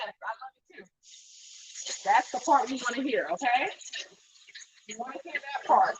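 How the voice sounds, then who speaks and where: A woman's voice: high-pitched, slightly rough, muffled recording. A woman with a fading New Jersey accent hosting a live cooking demo, chatting with viewers as she cooks. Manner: upbeat, chatty, reads viewer comments. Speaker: cooking show host.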